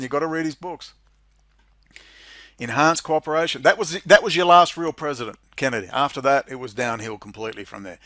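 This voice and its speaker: A man reading out a policy document and ranting about it in sarcastic commentary, often breaking into mocking, high-pitched laughter. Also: fairly bright tone, no echo, studio quality. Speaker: political commentary vlogger.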